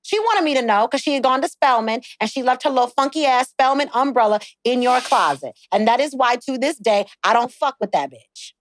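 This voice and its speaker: A woman's voice: high-pitched, lively intonation, a little fast, few pauses, slight background noise. A woman in her thirties co-hosting a podcast in casual banter, insistent and laughing as she retells a story. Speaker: podcast co-host.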